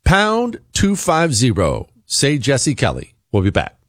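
Combative talk radio man, lively pitch. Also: takes it slowly, very noisy. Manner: combative, rhetorical questions, emphatic. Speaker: radio talk show host. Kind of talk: opinionated talk radio monologue and host-read ad.

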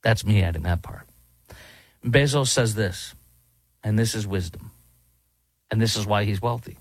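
A man's voice: on the low side, a little slow, dry recording, low-quality recording. A man guest-hosting a talk radio show, speaking in a casual, conversational way with frequent fillers and restarts.

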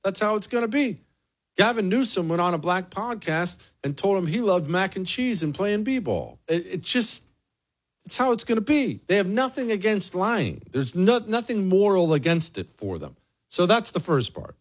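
A man's voice: high-pitched, big pitch swings, moderate pace. A man hosting a political commentary show, talking in an emphatic, mocking monologue. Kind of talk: opinionated monologue.

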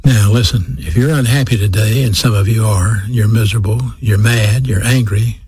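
A man preaching a sermon, emphatic, slowing down to repeat key phrases. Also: fairly low pitch, a little mellow, husky, dry recording.

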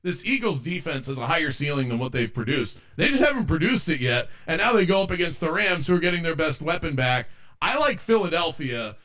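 A man's voice: fairly high pitch, big pitch swings, fairly quick, fairly bright tone. A man co-hosting a sports betting podcast, giving picks in a confident, analytical, punchy way.

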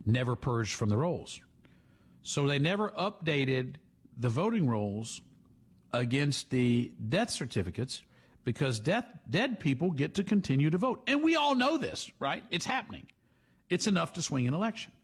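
A man's voice: fairly high pitch, husky. A man hosting a talk show, delivering sarcastic, opinionated commentary. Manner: sarcastic, mocking. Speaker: radio host.

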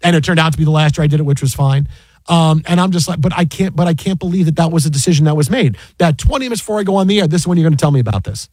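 A man who works as a sports broadcaster, telling an animated anecdote with many restarts and an incredulous tone. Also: a little high, rapid-fire, slightly rough, no echo.

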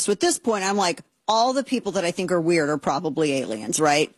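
A woman hosting a talk show, giving comedic political commentary in a sarcastic, excitable, animated way. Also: on the low side, fairly quick, few pauses, husky, no echo.

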